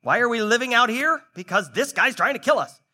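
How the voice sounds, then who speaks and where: A man voicing a band of fighters who whisper and egg their leader on, hushed and urgent. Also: very high voice, animated, a little fast, pitched above the performer's own voice, exaggerated voice. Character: David's men, urgent fighters.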